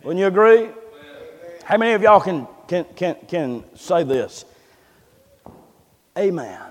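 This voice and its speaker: Emphatic preacher, high voice. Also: male voice, sing-song, slow, big-room sound. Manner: emphatic, repetitive, calls for amens. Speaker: pastor. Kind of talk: sermon.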